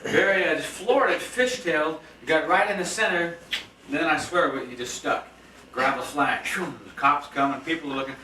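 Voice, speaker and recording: A man's voice: a little high, normal speed, sharp tone. A man telling a long, laughing story at a birthday roast, full of fillers and restarts, recorded on a home video camera at a party. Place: party room with guests. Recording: echoey room, distant camera, crowd noise.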